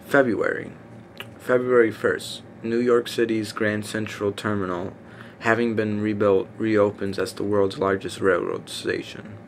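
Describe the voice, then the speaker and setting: A man reading a list aloud in a casual, halting way, stumbling over names with fillers and self-corrections. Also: on the low side, flat delivery. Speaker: reader. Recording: faint background noise.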